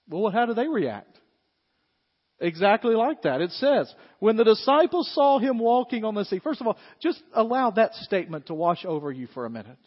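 Male pastor, 40s, animated sermon delivery, high voice, muffled hall sound. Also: moderate pace. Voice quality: animated, acts out scenes with shouts. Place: church hall.

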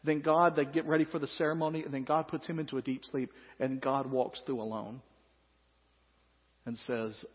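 A male pastor preaching a sermon, moving between hushed, slow passages and loud, emphatic ones. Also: medium pitch, level tone, breathy edge. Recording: echoey hall, dull lo-fi sound.

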